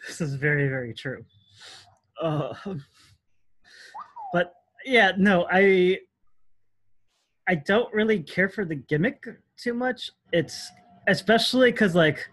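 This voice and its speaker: A man's voice: high voice, animated, takes it slowly, pauses often, fairly bright tone. A man co-hosting a wrestling podcast, trading wry jokes in casual chat. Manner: wry, joking asides. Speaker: podcast co-host.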